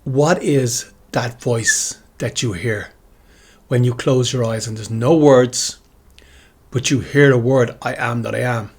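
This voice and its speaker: A man's voice: mid-range voice, slow, darkish tone, husky. A man speaking a reflective spiritual monologue to his viewers, musing through repeated questions and speaking with heartfelt gratitude. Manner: heartfelt, grateful. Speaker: spiritual video creator.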